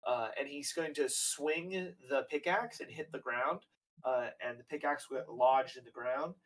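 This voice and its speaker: A man's voice: medium pitch, moderate pace. A man narrating as game master of a tabletop game, rambling and casual, with lots of fillers and swearing. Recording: voice a bit distant from the mic.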